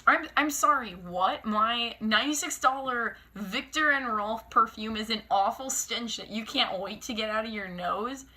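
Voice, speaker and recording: A young woman vlogger telling a storytime in a casual, animated, exasperated way, full of fillers. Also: a little high, unhurried, few pauses. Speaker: lifestyle vlogger.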